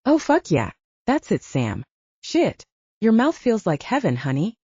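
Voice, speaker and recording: Raspy, commanding male lover in an audiobook, voiced by a woman; dull, dry sound. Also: medium pitch, wildly swooping pitch, unhurried, warm tone, dry recording, heavily acted. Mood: urgent. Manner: commanding, growling. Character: demanding adult male lover.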